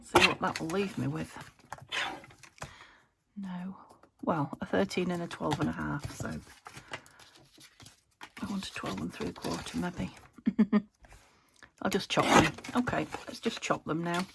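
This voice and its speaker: A woman's voice: lowish voice, unhurried, gravelly, pauses often, heavy background noise. A woman vlogging about her crafts, chatting casually and thinking aloud as she works, sometimes half-whispering. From United Kingdom. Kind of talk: casual crafting chat to camera.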